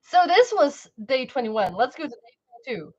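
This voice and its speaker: A high-pitched woman chats on her livestream in a loose, rambling way, restarting her sentences and breaking into laughs. The audio is a little dull and lo-fi, like a home stream. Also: big pitch swings, fairly quick, slightly rough. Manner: rambling, self-interrupting, laughs often. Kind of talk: casual livestream chat.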